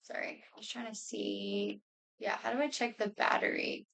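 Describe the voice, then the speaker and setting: A woman in her twenties streams from a room at home, rambling casually, laughing a lot, and eating as she talks, a little distant from the mic. Her voice is mid-range and fairly bright with vocal fry, fairly even intonation, and a moderate pace.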